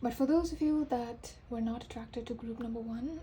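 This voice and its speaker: A woman giving a casual tarot reading straight to her viewers, chatty and full of fillers, her voice rising as she gets excited. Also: on the high side, moderate pace, few pauses, slight background noise, rough recording. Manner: excitable, voice rises with enthusiasm. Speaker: tarot reader.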